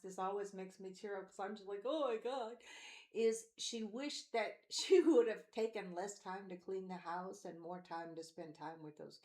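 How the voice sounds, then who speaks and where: A woman's voice: medium pitch, echoey room. A woman in her forties on a podcast, telling personal stories in a rambling way, with lots of fillers and quoted voices. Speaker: podcast co-host. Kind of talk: candid personal conversation.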